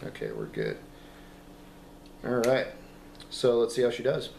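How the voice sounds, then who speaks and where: A man giving a casual product review, talking in halting, enthusiastic bursts and coughing now and then from a lingering cough. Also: medium pitch, huge pitch swings, creaky, a little mellow. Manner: halting, repeats words, enthusiastic. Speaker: vape juice reviewer. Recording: echoey room with background noise.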